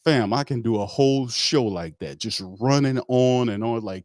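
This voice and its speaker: A man's voice: medium pitch, moderate pace, hardly any pauses, dry recording, clean studio sound. A man hosting a casual sports talk livestream, joking and talking in slang. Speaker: host.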